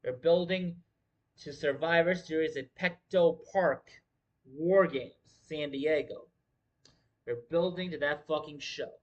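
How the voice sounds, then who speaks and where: A man's voice: a little high, slow pace, dull audio. A man hosting a wrestling livestream in casual commentary, talking emphatically with lots of swearing and repeating his points. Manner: profane, emphatic, repeats himself.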